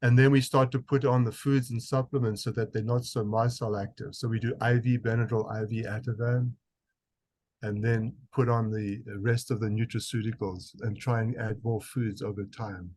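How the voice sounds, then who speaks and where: A South African-accented physician, appearing as a guest, answers interview questions emphatically. His medium-pitched, darkish voice holds a level tone at a moderate pace, and he often repeats words while restarting.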